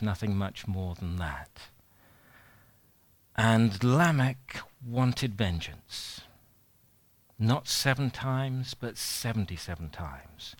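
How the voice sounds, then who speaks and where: A man preaching a sermon in a conversational way, retelling a parable with animated asides. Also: on the low side, no room sound.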